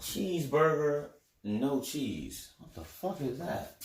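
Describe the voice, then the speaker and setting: A man's voice: on the high side, very animated, slow pace, a little hiss or hum. A man hosting a casual livestream who tells rambling, profane stories in a loose, offhand way. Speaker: livestream host and spiritual teacher.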